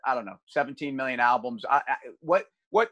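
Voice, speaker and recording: A man's voice: medium pitch, animated, fairly quick, fairly bright tone, no room sound. A man hosting a podcast interview, asking long rambling questions full of restarts. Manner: rambling, many restarts and fillers. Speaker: podcast host. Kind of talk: casual interview chat. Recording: slightly dull, dry sound.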